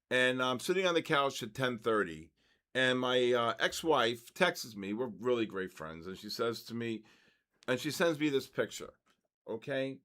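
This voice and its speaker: A man in his sixties hosting a live trading session, telling stories in a casual, animated way and tagging his sentences with quick checks to the audience. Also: mid-range voice. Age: 60s. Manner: animated, keeps tagging 'right?' and 'okay?'. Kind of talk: casual livestream storytelling.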